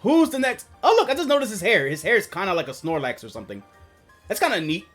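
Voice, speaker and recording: A man's voice: sits high, big pitch swings, fast talker, a bit bright, faint music behind. Rambling, profane male game streamer. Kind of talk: casual let's-play chat.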